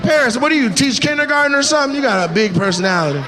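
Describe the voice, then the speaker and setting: A man's voice: extremely high pitch, animated, racing, pushed and bright. A male stand-up comedian doing crowd work, teasing audience members in a brash, profane way. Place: live comedy venue with audience. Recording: live show with crowd and noise.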